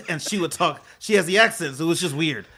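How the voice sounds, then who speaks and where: A man's voice: on the high side, a little fast, sharp tone, slightly rough. A middle-aged man co-hosting a casual podcast chat, frank with his opinions and laughing often. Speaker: podcast co-host.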